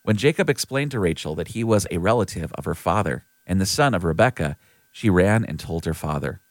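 Brief: steady male scripture reader, expressive low voice, dry studio sound. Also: brisk, no room sound. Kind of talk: scripted Bible reading.

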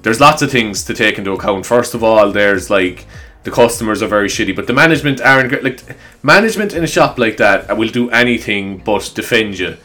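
An Irish man with a lowish voice rambles through a loose, casual monologue into a desk mic. He swears freely and laughs between his points. Faint upbeat music plays behind him. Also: expressive, fairly quick, sharp tone. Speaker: vlogger. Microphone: desk microphone.

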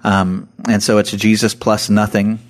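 A man's voice: lowish voice, unhurried. A man co-hosting a Christian podcast, talking earnestly about scripture and laughing now and then. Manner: earnest, laughs often, animated quotes. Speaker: podcast co-host. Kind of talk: casual devotional podcast talk.

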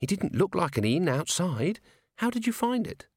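A man's voice: high voice, big pitch swings, moderate pace, a little mellow, slightly rough, no room sound, voice pushed up, exaggerated voice. A man voicing a timid young dwarf woman. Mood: nervous. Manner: timid, quavering. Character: nervous young female dwarf watch officer. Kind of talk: audiobook character voice. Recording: dry close studio sound.

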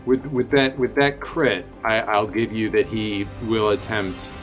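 A man's voice: on the low side, steady tone, a little slow, music in the background. A man running a tabletop game as game master, joking casually with the players. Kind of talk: narrating a tabletop game podcast.

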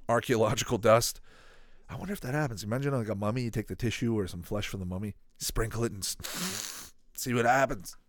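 A man giving casual live commentary as he watches a video, excitable and thinking aloud, often asking his viewers questions. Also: fairly low pitch, no room sound. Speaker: reaction video host.

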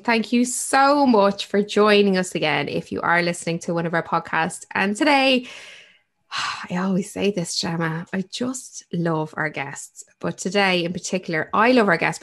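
A woman's voice: mid-range voice, moderate pace, a bit bright. An Irish woman co-hosting a podcast, chatty and effusive in casual conversation. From Ireland. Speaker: podcast co-host. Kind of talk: casual chat.

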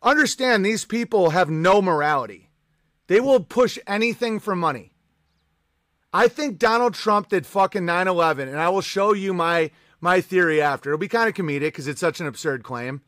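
A man's voice: high-pitched, lively intonation, moderate pace, a bit bright, no echo, studio quality. A male livestream host ranting in casual talk, profane, combative and sarcastic. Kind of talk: ranting live-stream chat.

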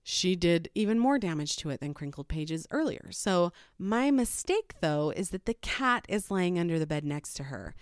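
Exasperated mom telling a story. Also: female voice, fairly low pitch, clean tone, no room sound, studio quality. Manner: wry, exasperated retelling. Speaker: mother of four. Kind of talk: personal storytelling narration.

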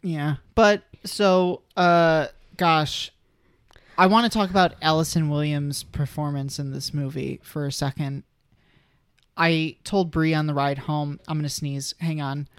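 A man's voice: fairly high pitch, steady tone, unhurried, smooth, no echo, clean studio sound. A man co-hosting a podcast, talking casually and a bit hesitantly about a film, with many restarts and small laughs. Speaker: podcast co-host. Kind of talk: casual film-review chat.

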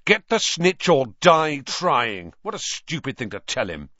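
A man's voice: high voice, sing-song, normal speed, a bit bright, no echo, lo-fi sound, pitched above the performer's own voice, exaggerated voice. A man voicing an angry teenage boy athlete, talking in a raised, blunt voice. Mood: accusing.

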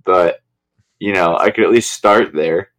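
A man's voice: sits low, a little slow, a bit bright. A young man co-hosting a podcast in casual chat, hesitant, with many you-knows and ums. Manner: hesitant, lots of you know and um. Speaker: podcast co-host.

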